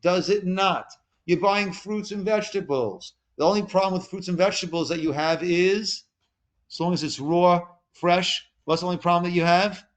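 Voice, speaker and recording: A man's voice: high-pitched, moderate pace. A man who is a rabbi, giving an informal lesson to a small group in a conversational way, asking them questions and retelling stories with quoted dialogue. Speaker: rabbi teaching a class. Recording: recorded conference call.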